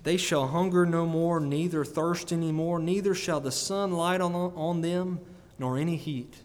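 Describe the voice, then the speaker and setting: A man preaching a sermon, animated and often breaking into laughter between emphatic peaks. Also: on the high side, measured pace. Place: church sanctuary. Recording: long church reverb.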